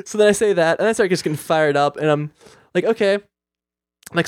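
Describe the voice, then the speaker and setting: A young man tells a story in casual chat, animating every quoted exchange with a slightly high voice. The recording is dry and close, with no room echo. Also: normal speed, smooth. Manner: animated, acts out quoted dialogue. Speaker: guest storyteller.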